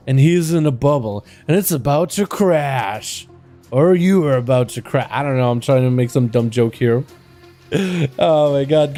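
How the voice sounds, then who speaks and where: A man with a high, mellow voice calls game duels live from his home setup, his excited play-by-play running into joking asides. Faint game music plays beneath him. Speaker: streamer and match commentator. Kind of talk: livestream game commentary.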